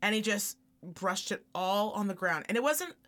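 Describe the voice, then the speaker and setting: A woman's voice: medium pitch, expressive, normal speed, fairly bright tone. A woman co-hosting a chatty podcast, telling candid and comic stories. She jumps into quoted voices as she goes, and her delivery stays loose and conversational. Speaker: podcast co-host. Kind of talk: casual chat.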